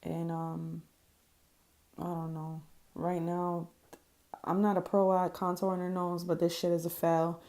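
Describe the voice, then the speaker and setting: A woman's voice: on the low side, monotone, measured pace, long pauses, a little mellow. A woman talking casually through her makeup routine as a vlogger, candid and swearing freely with lots of ums. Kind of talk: casual makeup tutorial voice-over.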